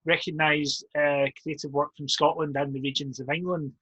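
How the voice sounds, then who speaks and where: A man puts polite, measured questions to his guest. His voice is slightly high for a man and husky, and it sounds dry and close, with no room echo. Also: little pitch movement, pushed and bright, lo-fi sound. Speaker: interviewer. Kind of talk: interview questions.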